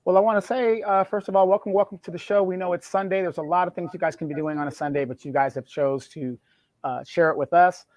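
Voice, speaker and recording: A man's voice: high voice, steady tone, fast talker, darkish tone, no room sound. A man co-hosting a casual live-streamed talk show, earnestly urging viewers to like and share. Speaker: co-host.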